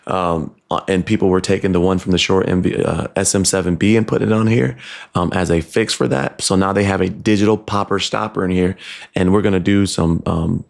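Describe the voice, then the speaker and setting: A man with a very low, gravelly voice walks through a tech demo in his home studio. He talks in a relaxed, explanatory way, with plenty of ums and restarts as he clicks through settings on a desk microphone. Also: fairly quick. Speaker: tech reviewer. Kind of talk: casual product demo. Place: home studio with computer fans nearby. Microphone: dynamic USB/XLR desk mic, switching to camera shotgun mic.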